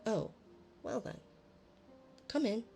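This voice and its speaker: A woman's voice: on the high side, takes it slowly, mellow, soft background music, pitched above the performer's own voice. A woman voicing a fussy storybook rabbit who answers curtly while she reads aloud on an ASMR stream. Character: fussy rabbit hiding at home, curt and evasive.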